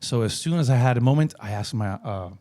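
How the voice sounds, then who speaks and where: A man co-hosting a podcast, speaking in a measured, advice-giving way in casual chat. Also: medium pitch, animated, warm tone. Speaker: podcast co-host.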